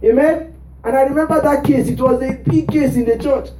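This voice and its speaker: Male pastor, high mellow voice, call-and-response sermon, roomy church sound from off mic. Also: moderate pace, far from the mic, a little hiss or hum. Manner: call-and-response preaching, rhetorical "what?" prompts.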